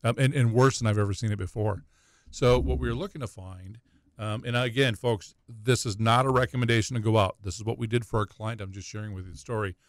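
A low, gravelly man talks money on a call-in radio show. He rambles and stumbles through fillers and restarts. The sound is close and dry. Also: steady tone, fast talker, dry recording. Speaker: financial advisor guest.

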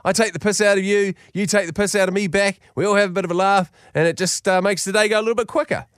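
A man's voice: steady tone, quick pace, fairly bright tone, clean tone, no echo, clean studio sound. A man voicing a cheeky English builder boss, middle-aged, eager and chummy, in a raised chirpy voice. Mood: sheepish, chummy. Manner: high, chirpy mock voice.

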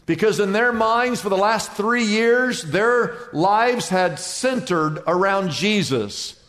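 High-voiced preacher man in an echoey hall. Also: takes it slowly. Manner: dramatic, acts out worried voices and Jesus's calming words. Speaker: pastor. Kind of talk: sermon. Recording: echoey hall with long reverb.

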